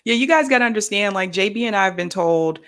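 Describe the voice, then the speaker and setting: A woman's voice: medium pitch, fast talker, a bit bright. Frank, easy-laughing woman co-host. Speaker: podcast co-host. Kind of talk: casual conversation.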